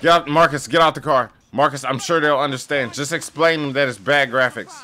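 A young man giving sarcastic, jokey commentary while playing a game, often yelling at it. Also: medium pitch, animated, moderate pace, hardly any pauses. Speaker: gaming YouTuber. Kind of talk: casual gameplay commentary.

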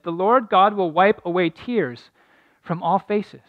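Earnest high-voiced male pastor preaching. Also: measured pace, no echo, lo-fi sound. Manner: storytelling, earnest, rising to emphatic peaks. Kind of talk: sermon.

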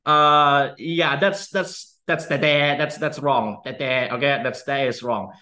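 A man's voice: mid-range voice, steady tone, a little slow, bright, forceful tone. A young man giving a casual cooking demonstration, chatty and often checking in with "okay?". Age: young adult.

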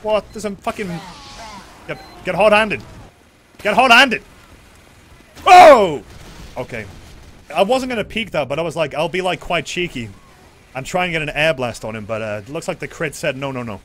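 A young man giving live, excitable commentary on his own gameplay as a streamer, swearing and yelling at the screen. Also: a little high, fairly quick, a little hiss or hum. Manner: excitable, swears a lot, yells at the game.

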